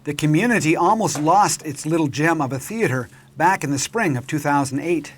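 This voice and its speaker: A man narrating a local television documentary in a measured, clear storytelling voice. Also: on the high side, expressive. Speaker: program narrator and host.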